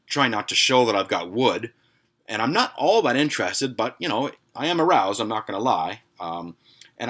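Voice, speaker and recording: A podcast host spins a crude, profanity-laced story in a loose, casual monologue. His mid-pitched male voice swings widely, leaping up in pitch and volume when he acts out his own outbursts. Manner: crude and heavily profane, animated retelling; jumps higher and louder when acting out his own angry lines.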